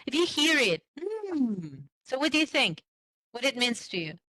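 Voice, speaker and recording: A woman teaching an online class for language teachers, explaining slowly and asking the class questions. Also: high voice, sing-song, bright, forceful tone, no echo, poor audio. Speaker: teacher trainer. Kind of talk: online teacher-training lesson.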